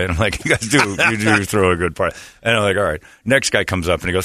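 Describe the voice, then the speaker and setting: A man's voice: low-pitched, very fast, few pauses, sharp tone, dry recording, studio quality. A man hosting a talk show, telling a comic story in a rambling, self-interrupting way and laughing at his own jokes. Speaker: radio show host. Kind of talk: comedic storytelling banter.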